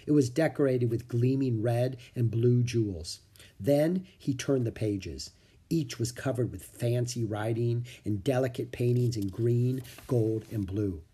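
A man narrating a children's book in an expressive storytelling manner. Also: medium pitch, a little slow, breathy edge.

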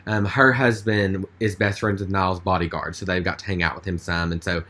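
A man's voice: sits low, steady tone, brisk, bright, forceful tone. A man telling a story in casual chat, rambling with lots of fillers. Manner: rambling, chatty, with many fillers.

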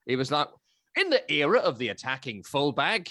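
Animated man talking football. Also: on the high side, fairly quick, no room sound, clean studio sound. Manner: animated, chatty, breaks into silly voices. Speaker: football podcast host. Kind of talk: casual football analysis chat.

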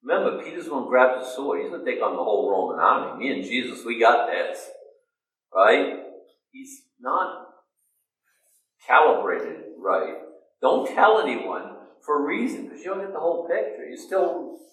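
A man preaching a sermon, telling the story in a lively way and acting out the voices of the people in it. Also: normal speed. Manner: animated storytelling, acting out quoted voices with big pitch jumps. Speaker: pastor. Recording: echoey room, distant mic.

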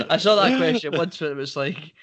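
A man's voice: sits high, lively intonation, measured pace, a bit bright, breathy edge. A man, co-hosting a casual podcast chat, rambling and searching for names. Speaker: podcast co-host.

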